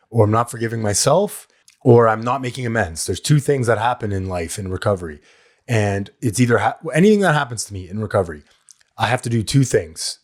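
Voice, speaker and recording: A man hosting a recovery podcast. He talks candidly and plainly, swears now and then, and coaches his listeners, repeating the key lines. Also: fairly low pitch. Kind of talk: solo talk on addiction recovery.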